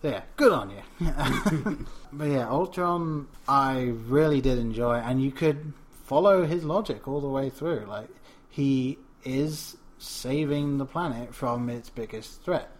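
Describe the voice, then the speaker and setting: A man's voice: mid-range voice, slow. A man co-hosting a podcast, chatting casually about a film, rambling with frequent restarts and laughs. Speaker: podcast co-host.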